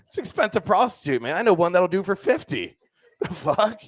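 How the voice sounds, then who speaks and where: A man's voice: high voice, very animated, fairly quick, no room sound, clean studio sound. A young man doing a stand-up comedy set on a club stage into a handheld mic, loose and crude, packing his lines with "dude" and "right?".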